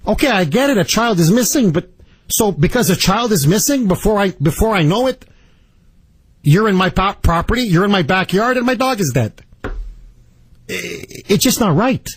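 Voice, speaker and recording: A man hosting a talk radio show, telling stories in an animated, indignant way and taking calls. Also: high-pitched, normal speed, husky, no echo. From Canada. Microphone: studio microphone.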